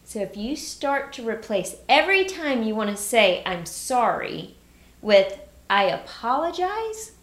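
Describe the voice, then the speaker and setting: A woman's voice: fairly high pitch, lively intonation, unhurried, reverberant. A middle-aged woman co-hosting a casual talk, earnest and emphatic, giving example phrases. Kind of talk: casual conversation.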